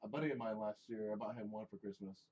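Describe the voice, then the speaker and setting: A man's voice: fairly low pitch, steady tone, fast talker, darkish tone, far from the mic. A man co-hosting a podcast in casual chat, playful, quipping and dropping catchphrases. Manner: playful, quips and drops catchphrases. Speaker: podcast co-host. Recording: dull lo-fi audio with faint noise.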